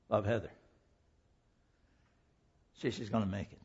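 A high, husky male preacher with a wildly swinging, highly animated voice. He shifts from loud, pleading passion down to near-whispers. The recording sounds dull and lo-fi. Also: moderate pace, pauses often. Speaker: preacher and teacher. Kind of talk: sermon with a personal story.

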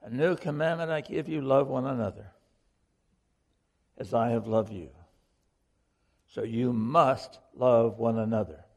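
A man's voice: mid-range voice, unhurried, pauses often, darkish tone, long reverb tail. A man preaching a sermon to a congregation, earnest and questioning, repeating key lines for emphasis. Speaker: pastor.

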